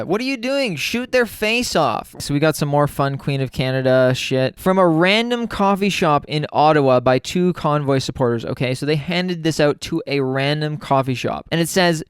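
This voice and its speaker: A sarcastic young man talks over video clips in a slightly higher voice, his delivery smooth and resonant. The recording is dry and close, with mocking, profane asides thrown in quickly. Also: dry recording. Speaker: commentary vlogger. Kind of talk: sarcastic reaction commentary.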